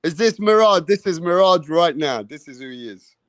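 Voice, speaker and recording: A man's voice: a little high, animated, moderate pace, heavy background noise. A man who hosts boxing commentary, mocking and taunting a viewer in a profane, repetitive rant. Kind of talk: ranting reaction commentary.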